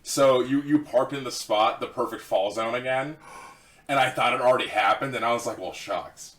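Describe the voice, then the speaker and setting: A man's voice: medium pitch, fairly even intonation, brisk, a bit bright, far from the mic. A man co-hosting a podcast in casual chat, laid-back and slangy, swearing often. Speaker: podcast co-host.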